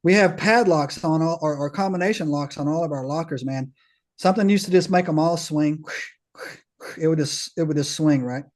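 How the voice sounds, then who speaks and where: A man's voice: a little high, normal speed. A man with a slightly raised voice tells his story as a podcast guest, loose and slangy. He keeps tossing in casual tags and checks that the listener is following. When he retells a scene he slips into the other people's voices. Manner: slangy, peppers talk with "man", "bro", "right?"; animated, acts out others' dialogue.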